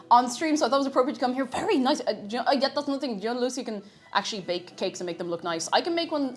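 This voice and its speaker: A young woman, chatting casually with viewers on a live cooking stream. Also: mid-range voice. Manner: chatty, greets viewers, makes silly animal noises.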